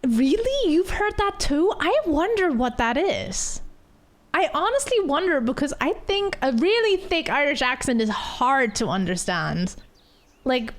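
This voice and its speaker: Excitable woman streamer, high and animated, casual game commentary. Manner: chatty, excitable, gasps and laughs. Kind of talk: casual let's-play commentary.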